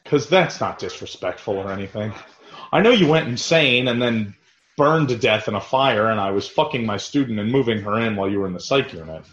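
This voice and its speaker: A man's voice: fairly low pitch, brisk. A man co-hosting a podcast, chatting crudely and laughing as he comments on a movie. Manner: animated, crude, laughing, acts out quotes. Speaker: podcast co-host. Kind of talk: casual movie commentary chat. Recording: roomy, dull lo-fi podcast audio.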